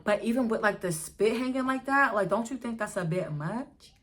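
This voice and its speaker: A woman's voice: on the high side, moderate pace. Chatty young woman telling a story. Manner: chatty, animated, addresses viewers directly. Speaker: vlogger. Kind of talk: casual storytime.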